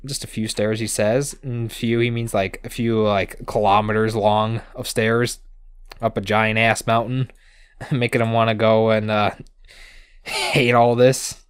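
A sarcastic man recapping episodes on a podcast, swearing offhandedly and slipping into brief character voices. His voice is lowish and smooth, and the recording is close and dry with no room sound. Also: level tone, no echo. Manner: sarcastic, swears casually, acts out characters in quick asides. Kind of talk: casual comedic recap chat.

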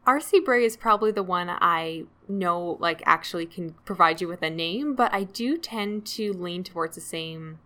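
A woman's voice: on the low side, normal speed, few pauses, bright, forceful tone. A woman co-hosting a book podcast, talking in a chatty, self-deprecating way and laughing often. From Canada. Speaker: podcast co-host. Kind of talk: casual book chat.

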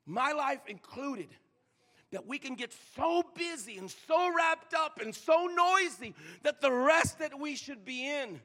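A male pastor preaching a sermon in a church, swinging from loud shouts down to hushed whispers. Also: very high voice, lively intonation, measured pace. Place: church sanctuary. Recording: long reverb of a large hall.

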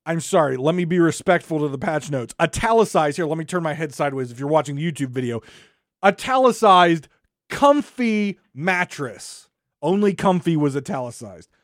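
A podcast host ranting angrily and sarcastically, swinging from shouting to muttering. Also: mid-range voice, quick pace, hardly any pauses, no room sound, studio quality. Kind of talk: solo gaming podcast rant.

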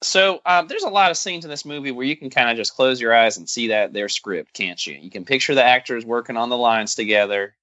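A bright, forceful man from the American South jokes his way through a casual movie-review podcast, rambling and sarcastic. His voice sits close and dry on a slightly dull mic. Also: medium pitch, a little fast, hardly any pauses, no echo. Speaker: podcast host.

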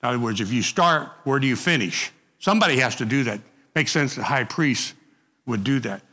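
A man leading a group Bible study, reading passages and talking them through in a halting, conversational way with frequent restarts. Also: mid-range voice, lively intonation, bright, forceful tone, big-room sound.

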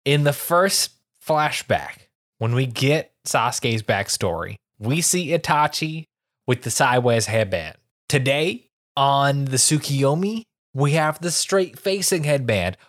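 A man's voice: mid-range voice, lively intonation, a little slow, fairly bright tone. A man co-hosting a casual podcast, making wry, joking complaints about an anime. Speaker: podcast co-host. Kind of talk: casual anime recap chat.

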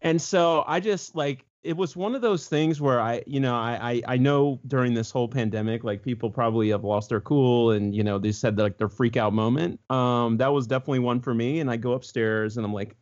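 A man co-hosting a casual chat, telling a family story and lively acting out the voices of the people in it. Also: mid-range voice, a little fast, few pauses, highs cut off. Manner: animated, jumps into voices when quoting others. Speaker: co-host.

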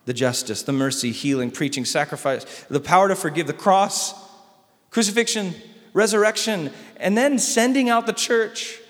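A male pastor preaching a sermon, swinging between loud emphatic lines and soft hushed ones. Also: high-pitched, moderate pace, in a large hall.

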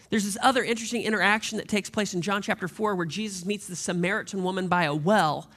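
A man's voice: high-pitched, fast, few pauses, a bit bright. A man preaching a sermon as a pastor, telling stories in a conversational way and asking the congregation rhetorical questions.

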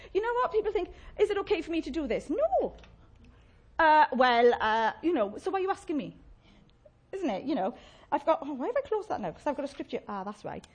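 A woman preaching a sermon, chatty and warm-humoured, often asking the congregation questions and laughing. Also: high-pitched.

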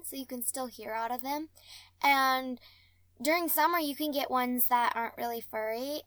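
Casting: woman, slightly high voice, hesitant casual talk, dry close sound. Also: fairly bright tone, no room sound. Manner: hesitant, many ums. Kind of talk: casual chat.

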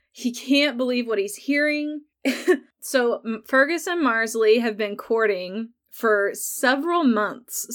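A woman's voice: on the high side, a bit bright. A woman hosting a podcast on her own, chatting casually through an episode recap, laughing often and acting out the characters' lines. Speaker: podcast host.

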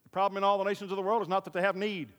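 A male pastor with a notably high voice delivers an emphatic sermon, hammering key lines through repetition and drifting into folksy stories. His voice rings out with a long reverb, as in a large church sanctuary. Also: level tone, racing, fairly bright tone.

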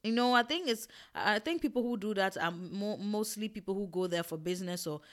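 A young woman from Ghana with a Ghanaian accent telling a personal story in an emotional, expressive way, swinging between hushed and loud. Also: mid-range voice, a little fast.

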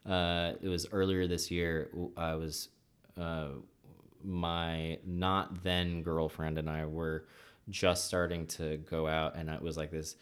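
A man's voice: deep voice, flat delivery, slow, clean tone. A man hosting a podcast, telling long rambling stories in casual chat and acting out quotes. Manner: rambling storyteller, acts out quotes.

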